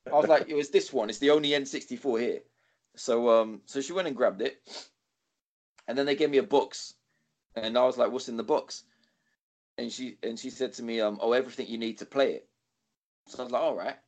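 A man, co-hosting a podcast, telling a rambling, sweary story with animated quoting. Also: mid-range voice, fairly quick, long pauses. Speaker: podcast co-host. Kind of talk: casual storytelling chat.

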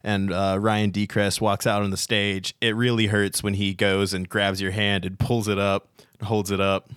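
A man narrating as game master of a tabletop game, playful and quick to laugh. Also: fairly low pitch, little pitch movement, a bit bright, clean tone, no room sound, clean studio sound.

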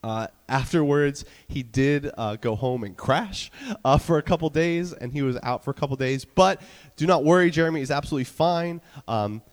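A man from New York preaching a casual sermon as a church's student director, talking fast with many fillers while a bit stuffy from a cold. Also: on the high side, in a large hall. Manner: quick-talking, chatty, many fillers and restarts. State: stuffy, getting over a cold. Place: church sanctuary.

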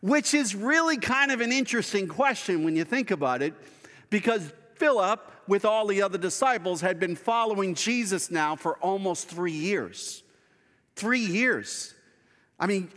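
A man's voice: high voice, expressive, normal speed, fairly bright tone, big-room sound. A man preaching a sermon as pastor, earnest and conversational, asking his congregation rhetorical questions.

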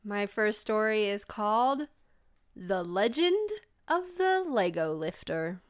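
A woman's voice: mid-range voice, animated, takes it slowly. A woman co-hosting a casual storytelling chat who laughs readily and reacts with surprise. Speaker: co-host and storyteller.

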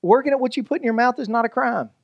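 A man preaches with a high-pitched voice, joking with the congregation as if chatting with friends. He backs up and restarts his sentences often as he works toward a point. The sound is dry and close, with no room echo. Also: fast, vocal fry, slightly rough, highs cut off. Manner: conversational, joking, many restarts. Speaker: pastor. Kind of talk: sermon.

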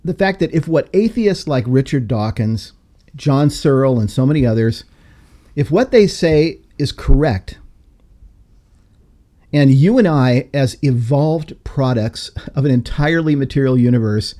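A man's voice: mid-range voice, expressive, measured pace, warm tone. A man hosting a podcast discussion, talking in an emphatic, lecturing way. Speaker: podcast host.

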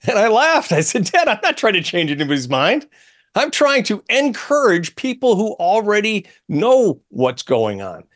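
Animated, emphatic male talk radio host. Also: high voice, normal speed. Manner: animated, emphatic, quotes others in changed tones.

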